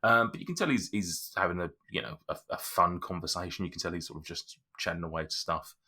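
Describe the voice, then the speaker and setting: Lowish bright guy gm-ing a tabletop game, rambly, keeps restarting. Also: fast talker, slightly rough. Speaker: game master.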